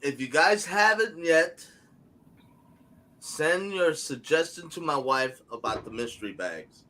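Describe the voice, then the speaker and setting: A man's voice: a little high, expressive, a little slow, bright, forceful tone. A man chatting casually and teasing friends as a guest on a live stream. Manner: joking and teasing. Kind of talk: casual chat. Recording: online live stream call.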